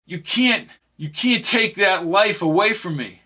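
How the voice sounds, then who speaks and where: A man's voice: high voice, lively intonation, a little slow, sharp tone, voice pushed up, heavily acted. A man voicing a beaten, desperate family man who pleads and defies his captors in an audiobook reading. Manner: pleading, defiant.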